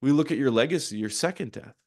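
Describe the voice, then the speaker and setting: A man coaching on performance psychology, speaking to a conference audience in an animated storytelling manner. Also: mid-range voice, quick pace. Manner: animated storytelling with acted-out quotes. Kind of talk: conference session talk.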